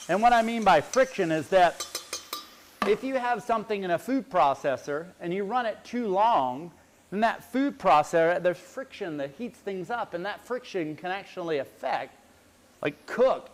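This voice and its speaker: A middle-aged man, a chef, giving a chatty cooking demonstration and explaining each step as he works. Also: high voice. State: teary from onions.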